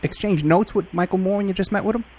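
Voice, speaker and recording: A man hosting a radio talk show, asking questions in a casual, conversational way with some halting restarts. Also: high-pitched, darkish tone. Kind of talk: interview.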